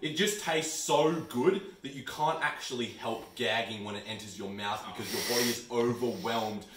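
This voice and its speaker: A man's voice: medium pitch, moderate pace, a bit bright. A young Australian man hosting a mock cooking show in a kitchen, sarcastic and swearing a lot. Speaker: comedy cooking host. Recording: echoey kitchen, mic far off.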